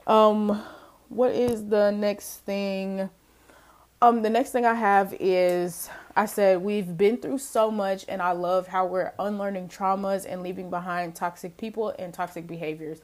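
A woman's voice: medium pitch, steady tone, a little slow, darkish tone. Chatty young woman podcaster. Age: young adult. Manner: chatty and emphatic, addresses listeners as y'all, laughs often. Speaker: podcast host. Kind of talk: casual solo podcast monologue.

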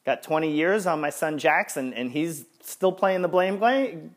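A sports podcast host speaks a little slowly and with few pauses while ranting casually, full of exasperation and stumbling restarts. His voice is lively and swings up and down in pitch.

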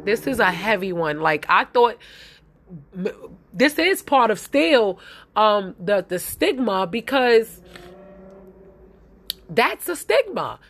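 A young adult woman hosts a podcast in an emotional monologue, speaking slowly at a medium pitch with big swings in tone and frequent pauses. She's heartfelt and tearful, sometimes crying, and she repeats her phrases as she goes. There's slight background noise.

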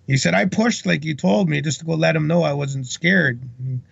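A man's voice: on the high side, moderate pace, creaky, breathy edge, no echo. A man from British Columbia, telling a story as an interview guest in a rambling, salty way. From British Columbia, Canada. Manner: rambling, salty anecdotal retelling. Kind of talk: casual storytelling. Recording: dull lo-fi recording.

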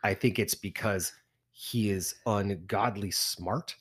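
A man's voice: lowish voice, takes it slowly, a bit bright, husky. A man from Texas with a light Texan accent co-hosting a casual podcast, easygoing and hesitant, with many ums. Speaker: podcast co-host. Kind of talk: casual chat.

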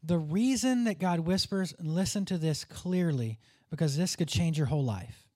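A man's voice: fairly high pitch, lively intonation, normal speed, a little mellow, no room sound. Man preaching, dry close sound. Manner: conversational preaching, drops to a near whisper at tender moments. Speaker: pastor. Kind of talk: sermon.

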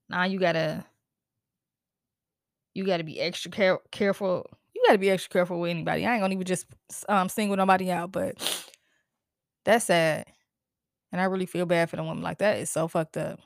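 A woman's voice: fairly low pitch, moderate pace, vocal fry, long pauses, no room sound, clean studio sound. Profane, fired-up woman podcast host. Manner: heated, profane, animated venting with laughs and sighs. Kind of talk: casual solo podcast rant.

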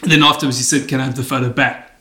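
A man telling comic stories in casual chat, animated and jumping high in pitch when he quotes people. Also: racing, echoey room, background noise.

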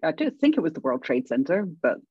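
A middle-aged woman from England with a British accent, talking casually as an interview guest, lively and self-deprecating, laughing often. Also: deep voice, a little fast, slightly rough, no room sound, dull audio. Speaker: guest, legal academic.

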